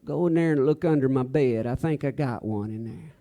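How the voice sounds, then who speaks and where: A man voicing a laconic older guitar maker who speaks low, curt and understated while telling a story on stage with faint guitar behind. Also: brisk, mellow, lightly acted.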